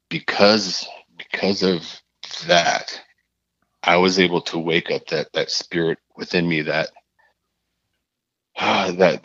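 A man, a podcast guest, telling a personal story in a halting, earnest way, often repeating his phrases. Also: sits low, fairly bright tone, no echo, lo-fi sound.

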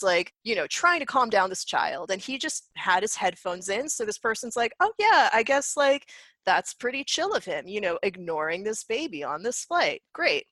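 A woman's voice: mid-range voice, a bit bright, no echo. A woman ranting in a casual commentary, swearing freely, laughing often and mocking quotes in put-on voices. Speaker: commentary host.

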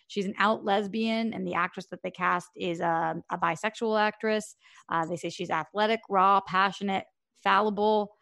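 A woman's voice: mid-range voice, vocal fry, a bit bright, dry recording, studio quality. A woman hosting a podcast, chatting upbeat about entertainment news and talking to the live chat. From Boston. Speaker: podcast host.

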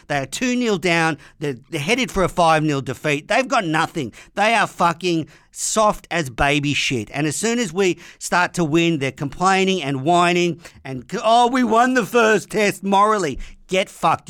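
Aussie guy ranting and swearing, kinda high voice, smooth and dry. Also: fairly bright tone, no echo. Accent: Australian. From Australia. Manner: angry, profane, ranting. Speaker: podcast host. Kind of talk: comedic ranting monologue.

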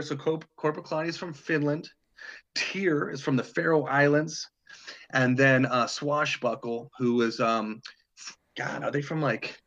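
A man's voice: a little high, a bit bright, highs cut off. A middle-aged man from Detroit, a touring guitarist telling stories in a casual interview, rambling with lots of restarts and the odd swear. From Detroit, Michigan. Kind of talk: casual storytelling chat.

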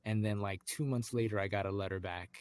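Young guy on a podcast telling a story, animated, does little voices for people. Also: fairly low pitch, quick pace. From United States. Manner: animated, acts out voices in his anecdotes. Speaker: guest. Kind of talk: storytelling in casual conversation.

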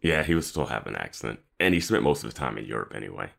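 A man with an extremely deep, gravelly voice that swings widely in pitch. He chats casually on a podcast and trades dry, sarcastic jabs. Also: sing-song, fast talker, a bit bright. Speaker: podcast co-host. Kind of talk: casual chat.

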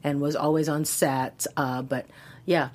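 Candid woman from Hawaii, lowish voice. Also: a little slow. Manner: candid, expressive storyteller. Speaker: actress guest. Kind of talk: casual interview conversation.

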